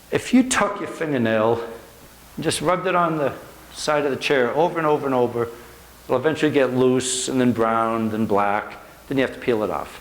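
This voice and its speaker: An American man in middle age speaks to a room as a motivational speaker, telling his stories earnestly and hammering points home by repeating them. His voice sits at an ordinary pitch. The recording carries a noticeable echo from the room around him. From United States. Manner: earnest storytelling, emphatic repetitions. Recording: echoey room.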